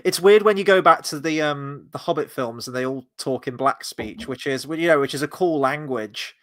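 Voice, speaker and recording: A man's voice: on the high side, normal speed. A man hosting a podcast in casual chat, enthusiastic and joking. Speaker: podcast host.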